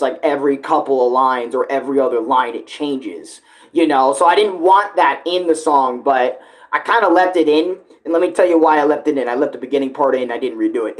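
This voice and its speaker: A man chatting loosely about his own song cover, swearing and restarting sentences often. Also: on the high side. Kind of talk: casual rambling commentary.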